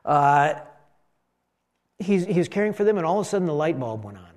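A middle-aged man, a pastor, preaching a conversational sermon, slowing down for emphasis and having the congregation repeat lines with him. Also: a little high, big pitch swings, a little mellow.

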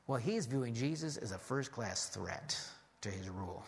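A man preaching a sermon as a lively story, animated, with frequent restarts. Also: medium pitch, normal speed, vocal fry, slightly rough.

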